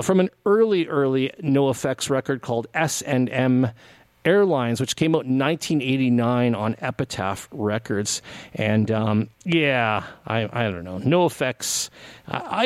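A man's voice: mid-range voice, no room sound. A middle-aged man hosting a radio show, telling a rambling story and acting out both sides of the conversation, full of "like" and restarts. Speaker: radio host. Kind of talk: casual storytelling on community radio.

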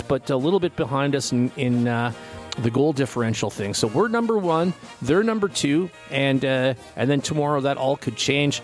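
A Canadian man hosting a radio show in a casual, rambling chat full of fillers and restarts. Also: on the high side. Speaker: radio host.

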